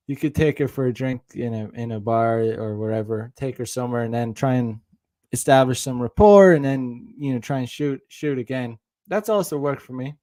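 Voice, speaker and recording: Young man, casual dating-advice talk, rambling delivery with restarts, mid-pitched voice. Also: warm tone. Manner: rambling, many restarts, acts out dialogue. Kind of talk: casual monologue.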